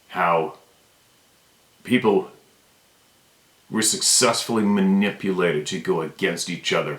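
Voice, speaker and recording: A man's voice: sits low, fairly bright tone, roomy sound, rough recording. A man hosting his own channel, speaking to the camera in a fired-up, emphatic, unrehearsed rant that keeps circling back to the same words. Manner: fired-up, emphatic, repeats himself. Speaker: channel host. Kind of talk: impassioned unscripted rant to camera.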